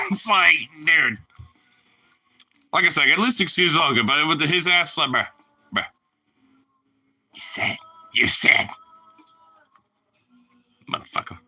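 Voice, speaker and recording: A man's voice: expressive, normal speed, long pauses, bright, forceful tone, faint music behind, low-quality recording. A young man vlogging casually, swearing and using slang, chatting to the camera and talking to his dogs. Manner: swearing, slangy, slips into high baby talk with his dogs.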